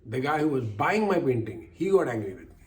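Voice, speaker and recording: A man's voice: mid-range voice, brisk. Older man telling a story with lessons. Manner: animated, acts out quoted voices, repeats phrases for emphasis. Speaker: speaker giving life lessons. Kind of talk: personal storytelling talk.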